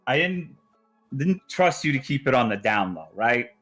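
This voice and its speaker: A man speaking as a podcast guest, calmly and deliberately explaining his grievances in a casual conversation. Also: mid-range voice, soft background music. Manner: earnest, deliberate, airing grievances.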